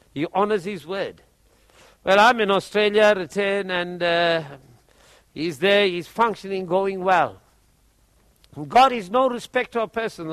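High-voiced man preaching a testimony. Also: dry recording. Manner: animated storyteller who repeats words. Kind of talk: sermon testimony storytelling.

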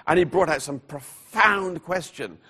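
A man preaching, telling a personal story in an animated way and voicing the people in it, then going hushed at solemn moments. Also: on the high side, measured pace, husky. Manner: animated storyteller who voices the people in his tale; drops to a hushed, quiet delivery at solemn moments. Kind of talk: storytelling sermon.

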